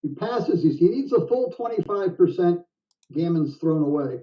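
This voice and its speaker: A man's voice: sits high, animated. Older man, chatty game commentary. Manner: chatty, jokey, quick to laugh. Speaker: backgammon commentator. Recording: dull, distant sound.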